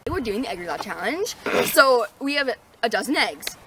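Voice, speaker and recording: A young woman hosting a casual challenge vlog, excitable and prone to squeals and shouts, in a noisy home recording. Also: fairly high pitch, moderate pace. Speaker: vlog host.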